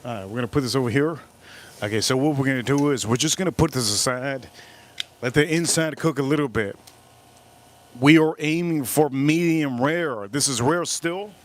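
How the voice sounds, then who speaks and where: A man hosts a casual live stream as he grills, talking to his viewers in a blunt, cursing way. His voice sits at an ordinary middle pitch, and his frustration shows as he swears through the cook. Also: moderate pace. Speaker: livestream host cooking and drinking.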